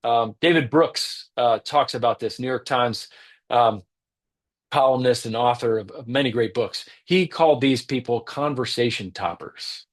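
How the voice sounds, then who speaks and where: A man's voice: mid-range voice, unhurried. A man delivers a teaching talk on leadership in an earnest, emphatic way. His voice sits in a mid range, and he repeats his main points for weight.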